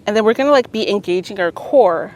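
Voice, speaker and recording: A woman with a medium-pitched, slightly mellow voice speaks in an animated, somewhat fast way while teaching beginner yoga on a beach for her vlog. Soft background music accompanies her chatty encouragement and frequent "okay?" check-ins.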